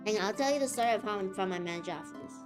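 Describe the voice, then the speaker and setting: A woman's voice: medium pitch, lively intonation, very fast, over music. A woman chatting casually on a live stream, rambling and laughing often.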